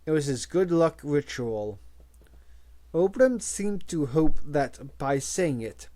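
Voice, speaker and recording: A man reading a novel aloud as an audiobook, measured and expressive. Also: a little high. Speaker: audiobook reader.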